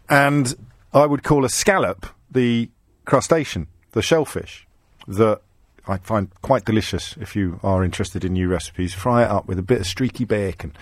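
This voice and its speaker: A man's voice: on the low side, no room sound. A man hosting a radio phone-in, speaking with a slight Kidderminster twang in a wry, teasing manner with frequent restarts. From Kidderminster, English Midlands. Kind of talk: casual phone-in chat. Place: radio studio.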